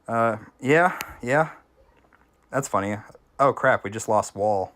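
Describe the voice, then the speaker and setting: Man, game streamer, mid-pitched, relaxed commentary with excited bursts. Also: takes it slowly. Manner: casual, reacts excitedly to the game, chats with viewers. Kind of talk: live gameplay commentary.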